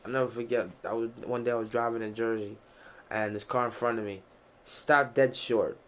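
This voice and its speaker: Flat and brisk, this young podcast host's mid-range voice has a slightly bright edge. He chats casually, spinning loose, cuss-filled stories and often starting over.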